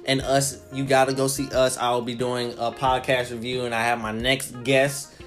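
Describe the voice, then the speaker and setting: A man's voice: mid-range voice, little pitch movement, normal speed, faint music behind. A man hosting a podcast in casual, rambling chat with joking asides. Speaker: podcast host.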